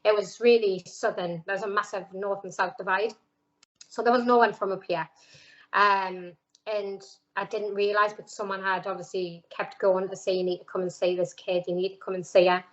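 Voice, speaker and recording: A woman's voice: medium pitch, moderate pace, dull audio. A middle-aged woman with a Geordie accent, a former footballer chatting through her early career in an interview, full of "um"s and quoted voices. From North East England. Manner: chatty, lively quoting of others, many "um"s and "like"s. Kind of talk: casual storytelling interview.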